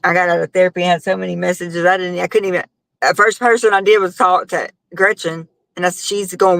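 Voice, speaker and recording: A woman's voice: on the low side, steady tone, fast talker, gravelly, a bit bright, dry recording, rough recording. A middle-aged woman, hosting a casual live chat and telling a long, rambling story full of fillers. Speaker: host.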